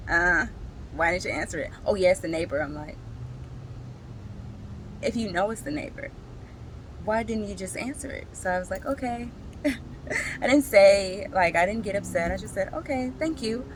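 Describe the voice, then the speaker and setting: A woman and single parent, slowly sharing a personal emotional story in a reflective vlog, tearful at times. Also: medium pitch, expressive, slight background noise, rough recording. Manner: slow, halting, emotional storytelling.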